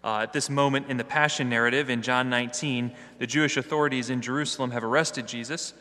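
A man reading scripture and preaching a sermon in a church, with a measured, earnest delivery. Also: mid-range voice, fairly even intonation, pushed and bright. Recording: hall reverb.

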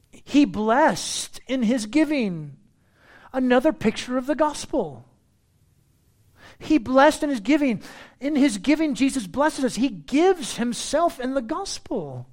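Man preaching an emphatic sermon. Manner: emphatic preaching, repeating key phrases, rising in pitch for emphasis. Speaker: pastor.

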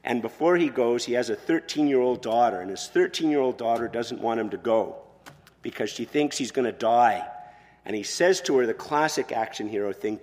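A man preaching a sermon as pastor, expressive, moving between quiet, soft passages and loud emphatic ones. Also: medium pitch, moderate pace, big-room sound.

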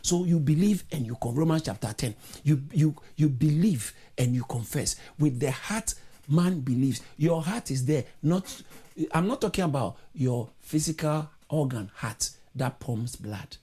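Fervent sermon voice, husky, with a wide-ranging pitch; shouts declarations, drops to earnest pleading. Online meeting. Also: expressive, measured pace. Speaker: preacher. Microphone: online video meeting.

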